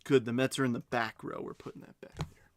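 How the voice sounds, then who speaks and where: A man's voice: mid-range voice, little pitch movement, brisk. A man hosting a card break, chatting casually and reading out each card as he goes, with playful self-mocking asides. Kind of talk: casual live card-opening commentary.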